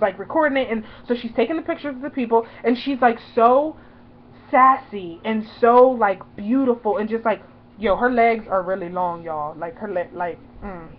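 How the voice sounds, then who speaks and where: A woman vlogger telling a story to her viewers in a chatty, excitable, slangy way. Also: a little high, muffled recording.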